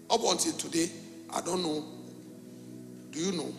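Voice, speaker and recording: A middle-aged pastor from Cameroon, preaching a sermon and telling a story with animated, acted-out dialogue in a gravelly voice. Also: male voice, on the high side, moderate pace, pauses often, over music. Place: church hall. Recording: echoey church hall.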